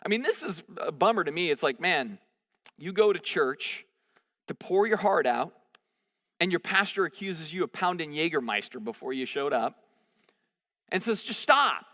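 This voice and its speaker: A male pastor with a high, bright voice preaches a sermon in a large church room where a long reverb trails his words. His delivery is conversational and animated, and he slips into the voices of the people in the story. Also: normal speed, long pauses.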